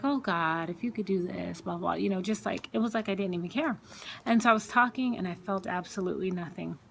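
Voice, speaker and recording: A woman's voice: medium pitch, gravelly, a bit bright, slight background noise. A woman sharing a personal faith testimony at home, in an earnest, conversational way with many fillers and repeated words. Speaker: Christian speaker sharing her testimony.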